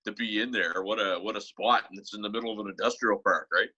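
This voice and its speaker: A man with a low-pitched yet bright, forward voice co-hosts a casual interview. He talks fast and jumps in with quick, upbeat comments. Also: steady tone, husky, lo-fi sound. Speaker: podcast co-host and radio show host.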